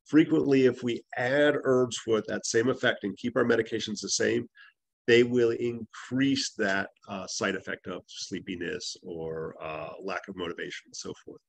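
A man with a gravelly, somewhat low voice teaches a live class on herbs. He talks casually and rambles into anecdotes, full of ums and restarts. His voice sounds dry and close, with no room echo. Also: a little slow. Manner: casual storytelling, frequent fillers and restarts.

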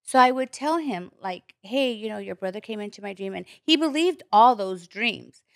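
A woman tells a personal story on a podcast, jumping into other people's voices as she quotes them and swearing as she goes. Her pitch sits in the middle, and the close mic leaves the sound dry. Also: normal speed, gravelly, no echo. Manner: animated, acts out quoted voices, swears freely. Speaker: podcast guest. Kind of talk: candid storytelling chat.

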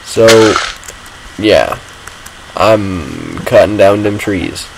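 A man's voice: on the low side, wildly swooping pitch, very slow, creaky, background noise. A man giving rambling, self-mocking commentary while playing a video game. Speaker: gaming vlogger. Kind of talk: casual gameplay commentary.

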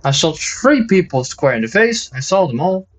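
A man's voice: a little high, big pitch swings, moderate pace. A man playing a shooter game and commenting with exasperated, swearing jokes, sometimes slipping into mock German. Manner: exasperated, swearing, joking complaints; switches into mock German and Dutch. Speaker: gaming video host. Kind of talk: let's play commentary.

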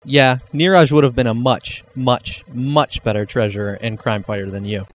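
A man's voice: medium pitch, natural voice. A teenage boy playing a bossy, hot-headed teen superhero leader in an amateur comedy sketch. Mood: angry. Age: late teens. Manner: bossy, quick to anger.

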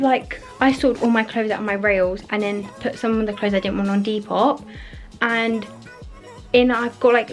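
Chatty young woman, breathy and rambling. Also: a little high. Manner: chatty, rambling, fillers like "like" and "literally". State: a bit out of breath. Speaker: vlogger. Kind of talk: casual vlog chat. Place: her bedroom at home.

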